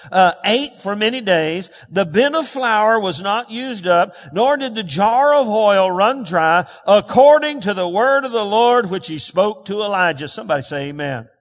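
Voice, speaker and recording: A man's voice: sits high, a bit bright. A man preaching a sermon as pastor, emphatic and calling on the congregation to respond. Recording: long reverb of a large hall.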